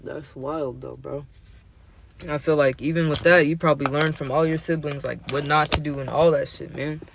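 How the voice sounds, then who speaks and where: A man's voice: on the high side, fairly even intonation, normal speed, vocal fry, a bit bright, a little hiss or hum. A young man in his twenties hosting a podcast, talking in casual chat with slangy, profane language that gets heated. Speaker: podcast host.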